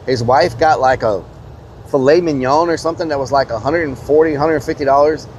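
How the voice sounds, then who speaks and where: A man's voice: on the high side, a little fast, darkish tone, a little hiss or hum. A man, a streamer casually telling a rambling story to his live chat, full of fillers and mild swearing.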